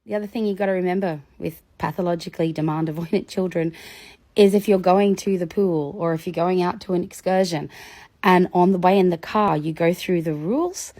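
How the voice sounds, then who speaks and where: A woman giving a casual educational talk about children, lively and storytelling, acting out examples. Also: fairly quick, no echo. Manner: animated, acts out examples with big pitch jumps and laughs. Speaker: educator on demand avoidance in children.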